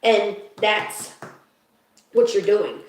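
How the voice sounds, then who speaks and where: A woman's voice: medium pitch, extremely slow, a little mellow, a little hiss or hum. Emotional woman reading cards in an echoey room. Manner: emotional, confiding, laughs often; keeps checking in with the listener. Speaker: spiritual reader. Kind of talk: live card reading to viewers.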